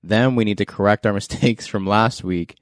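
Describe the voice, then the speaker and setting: A man hosts a sneaker podcast in a loose, jokey way, laughing often with his co-hosts. His voice sits a bit low. The sound is dry and close, with no room around it. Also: moderate pace, dry recording. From Canada. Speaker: podcast host. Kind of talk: casual chat.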